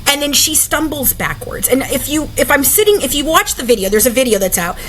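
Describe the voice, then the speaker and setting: A woman, an interview guest, telling a story in casual, animated talk full of "like" fillers. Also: sits high, fairly quick, soft background music, poor audio.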